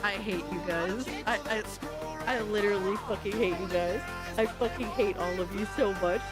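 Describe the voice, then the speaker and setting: A woman streaming live, reacting to viewer videos with loud, exasperated, profane commentary and frequent shouts of disbelief. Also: medium pitch, moderate pace. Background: music.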